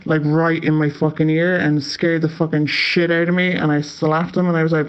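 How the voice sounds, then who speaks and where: A young Irish man tells a story in a loose, chatty way, dropping swear words and "like" all through. His voice sits a touch higher than most men's. The recording is a bit dull and muffled. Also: flat delivery, moderate pace, smooth. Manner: chatty, swears often, many filler "like"s. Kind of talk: casual spoken storytelling. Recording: slightly muffled lo-fi audio.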